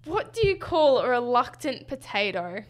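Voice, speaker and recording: A woman's voice: fairly high pitch, very animated, normal speed. A woman co-hosting a radio show in casual chat, playful and often apologetic. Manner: apologetic, playful, bursts out loud. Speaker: radio co-host.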